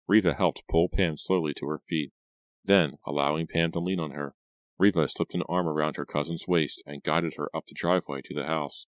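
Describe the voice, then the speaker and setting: Deep-voiced man narrating a thriller. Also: level tone, a little fast, dry recording, studio quality. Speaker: audiobook narrator. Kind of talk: scripted narration.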